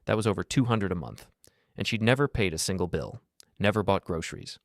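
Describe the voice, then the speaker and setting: Middle-aged man, deep voice, dry close sound, steady and grave storytelling. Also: brisk, no room sound. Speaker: narrator. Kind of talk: first-person story narration.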